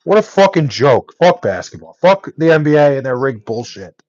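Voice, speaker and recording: A man's voice: on the high side, big pitch swings, normal speed, darkish tone, no echo, highs cut off. A young man angrily ranting on a live stream, swearing nonstop and exasperated. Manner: angry, profane ranting.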